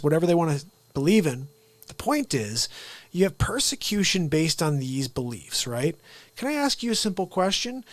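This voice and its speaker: A man's voice: fairly high pitch, dry recording. A man hosting a live comedy stream, talking in a rambling, joking way that turns earnest. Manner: rambling, jokey, earnest asides. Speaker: livestream host and impressionist. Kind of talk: unscripted live comedy monologue.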